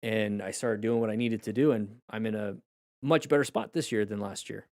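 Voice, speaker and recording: Hoarse man musing on a live stream. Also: lowish voice, moderate pace, a little mellow, dry recording, studio quality. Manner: reflective and rambling, with many restarts and fillers. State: voice going hoarse. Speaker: motorcycle riding coach streaming live. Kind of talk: casual live-stream chat with viewers.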